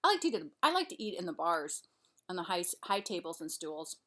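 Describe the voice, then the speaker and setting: A woman's voice: on the low side, big pitch swings, brisk, pushed and bright. A woman chatting casually to camera at home as she eats, rambling and restarting her sentences. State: out of breath. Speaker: vlogger. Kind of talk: casual chat to camera while eating. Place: her home, kitchen and living room couch.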